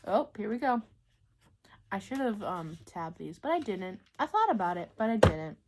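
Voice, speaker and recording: A woman giving a casual book talk as a vlogger, ranting in an animated, exasperated way with lots of fillers and bursts of laughter. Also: mid-range voice, moderate pace, heavy background noise. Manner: breaks into laughter.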